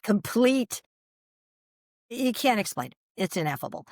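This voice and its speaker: A woman's voice: on the high side, measured pace, no room sound, clean studio sound. A middle-aged woman, a podcast guest, telling her own story animatedly with many fillers and restarts. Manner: expressive, many fillers and restarts, laughs mid-sentence.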